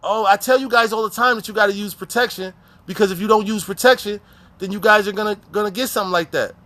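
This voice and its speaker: A man's voice: high-pitched, fast, bright, forceful tone, no room sound. A man voicing a sassy, scolding older woman who works as a prison nurse. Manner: scolding, mocking.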